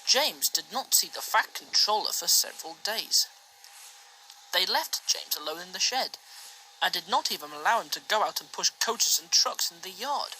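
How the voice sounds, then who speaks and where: A woman reading a children's train story aloud in an expressive storytelling style. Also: fairly low pitch, moderate pace, a little hiss or hum, poor audio.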